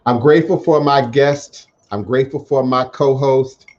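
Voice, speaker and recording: A man hosting a call-in talk radio show, speaking in measured, emphatic, repeated phrases. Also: medium pitch, steady tone, darkish tone, slight background noise. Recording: dull lo-fi internet radio audio.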